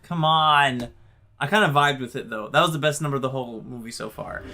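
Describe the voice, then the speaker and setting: A woman hosting a movie reaction video, chatting casually and giving quick, opinionated asides. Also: very deep voice, pushed and bright, soft background music.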